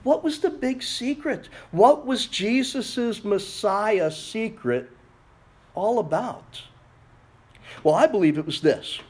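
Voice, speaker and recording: A man's voice: sits high, lively intonation, takes it slowly, a little mellow, breathy edge. A man preaching a sermon, reading scripture aloud and breaking in with rhetorical questions.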